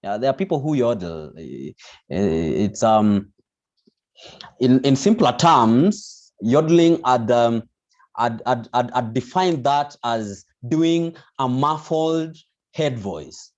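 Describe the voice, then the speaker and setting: Over dull, lo-fi video call audio, a man with a mid-range, expressive, slightly mellow voice gives an online vocal lesson. He takes it slowly, explaining patiently and restarting often.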